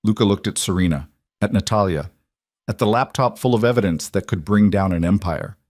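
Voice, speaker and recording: Male narrator, low voice, steady dramatic reading, dry close sound. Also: fairly quick, dry recording. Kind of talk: scripted narration.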